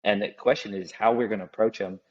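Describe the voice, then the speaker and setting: A man's voice: lowish voice, fairly even intonation, quick pace, muffled recording. A man who runs a custom home building business, speaking reflectively in casual conversation and often restarting his sentences. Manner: reflective, restarts often, acts out clients' voices.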